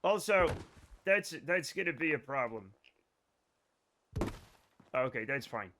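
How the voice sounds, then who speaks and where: Taking things slowly in a mid-range voice, a young man streams a game and talks with viewers, with slight background noise behind him. Excitable and joking with chat, he has sudden outbursts throughout the casual commentary.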